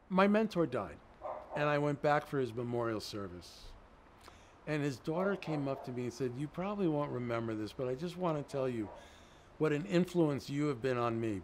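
A man's voice: medium pitch, slight background noise. Man telling stories in an interview. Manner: animated storyteller, acts out quoted dialogue. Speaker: interview guest, producer. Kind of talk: storytelling in a conversational interview.

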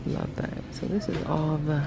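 Speaking at a normal speed in a low, gravelly voice, a woman records a casual shopping vlog inside a large store. She enthuses over items as she walks, regularly ducking into half-whispered asides, with the store's noise audible throughout.

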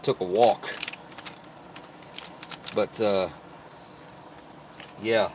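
Background noise sits under this man's low, very slow voice. He's an MRE review vlogger at home, a bit beer-tipsy at the table, unpacking food and chatting to camera in a relaxed, rambling way, musing aloud with many fillers.

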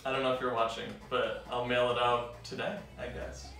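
A man's voice: mid-range voice, little pitch movement, moderate pace, bright, forceful tone, faint music behind. Laid-back guy talking off the cuff, mid voice, far from the mic in a roomy kitchen. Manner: easygoing, a bit self-conscious on camera. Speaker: partner of the host. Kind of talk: casual chat. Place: home kitchen.

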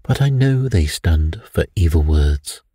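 A man reading a bedtime story, voicing a brooding priest who speaks low and dreamily of evil. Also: expressive, unhurried, mellow, slightly rough, no echo, studio quality, full character voice. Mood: dreamy. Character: mystical, brooding elderly male priest.

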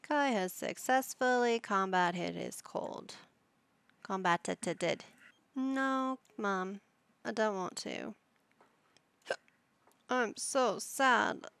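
A woman's voice: medium pitch, slow pace, gravelly, a bit bright, clean tone, dry recording. A woman giving casual commentary while playing a life-sim game, coaxing and scolding her characters like a playful parent. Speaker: gaming YouTuber.

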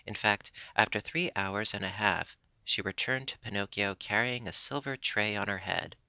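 A man reading a classic children's story aloud as narration, steady and expressive. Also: lowish voice, normal speed, dry recording. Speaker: audiobook reader.

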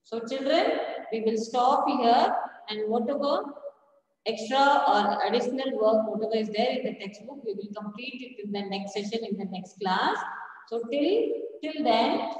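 A woman's voice: fairly high pitch, measured pace. A woman teacher giving a recorded lesson, spelling words out letter by letter. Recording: echoey room, voice far from mic.

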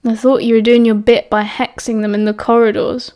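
A woman doing a quiet thoughtful British schoolboy. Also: a little high, little pitch movement, brisk, close to an everyday voice. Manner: mild, thoughtful.

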